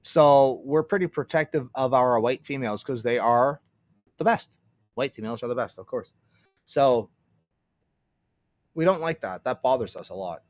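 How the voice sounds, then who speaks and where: Casting note: Canadian man as livestream host, middle pitch, sarcastic rambling, dry close sound. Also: dry recording. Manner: rambling, sarcastic, mutters while searching. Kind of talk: casual solo livestream commentary.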